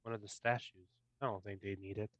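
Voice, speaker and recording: Bright, playful man at a game table. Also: fairly low pitch, fairly even intonation, muffled recording. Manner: playful, quick to laugh. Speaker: player.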